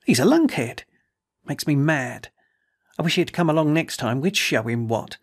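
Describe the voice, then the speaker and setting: A man plays a scoffing young soldier in a storybook, blunt and exasperated. His voice is a bit high and husky. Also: moderate pace. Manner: blunt, exasperated country talk. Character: young male soldier, hot-tempered and scoffing.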